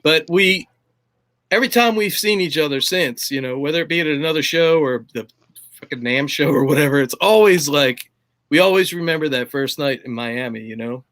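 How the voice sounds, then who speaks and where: A man's voice: fairly high pitch, expressive, moderate pace, fairly bright tone. Rambling, profane man telling road stories. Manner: profane, rambling, full of "like" and "you know". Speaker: drummer guest. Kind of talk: casual storytelling chat.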